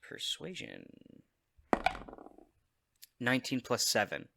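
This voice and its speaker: A man playing a tabletop game, speaking casually and relaxed, with fillers. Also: medium pitch, slow pace, creaky, background noise. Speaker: player.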